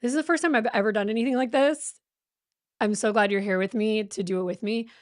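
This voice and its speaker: A young woman hosts a livestream from home, talking fast and shakily, her nerves plain in each sigh. Her voice sits mid-pitch and sounds close and dry, with no room around it. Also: no room sound. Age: young adult. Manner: jittery and anxious, breathless, sighing. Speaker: true crime livestream host. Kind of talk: nervous casual livestream chat. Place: home streaming setup with a fan running.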